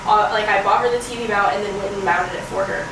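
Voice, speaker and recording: A woman's voice: medium pitch, fast talker, very echoey, far from the mic, noisy background. A woman in her twenties, a vlogger, talking candidly and rambling with lots of fillers while getting ready at home. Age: 20s.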